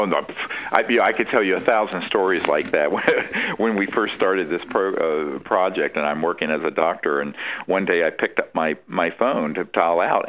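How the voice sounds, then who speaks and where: A man with a very deep voice tells stories as an interview guest. He acts out what people said and laughs often. His sound is dull and lo-fi, as if coming over a remote line. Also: slight background noise. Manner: animated anecdotes, acts out quotes, laughs often. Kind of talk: casual storytelling in an interview.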